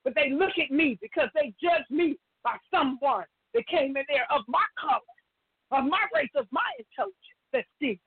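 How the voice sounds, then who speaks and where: A woman's voice: high voice, big pitch swings, moderate pace, no room sound. A woman calling into a talk show, speaking with impassioned, preaching conviction. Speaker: caller. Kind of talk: emotional call-in talk. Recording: phone line.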